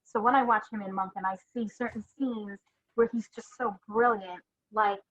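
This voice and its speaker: A woman's voice: mid-range voice, steady tone, normal speed, fairly bright tone. A woman co-hosting a podcast, talking earnestly as a fan, with hesitant fillers. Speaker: podcast co-host. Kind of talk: casual podcast chat. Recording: slightly muffled lo-fi audio.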